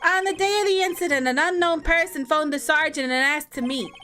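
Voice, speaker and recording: Lady doing an excited high-pitched detective guy, loud and earnest, game reading. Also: a little fast, soft background music. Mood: eager. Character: eager, dim young male detective saying sir.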